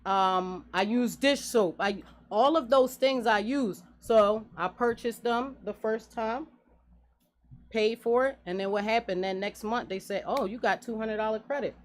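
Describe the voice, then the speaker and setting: A woman in her forties, a guest business owner in a radio studio interview, talking in an earnest, animated way. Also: fairly high pitch, a little slow. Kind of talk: casual interview talk.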